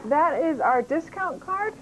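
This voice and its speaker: Patient cashier, kinda high voice, bit of hiss behind. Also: female voice, animated, low-quality recording. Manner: patient, explaining slowly. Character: patient female sandwich shop cashier. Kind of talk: scripted training video acting.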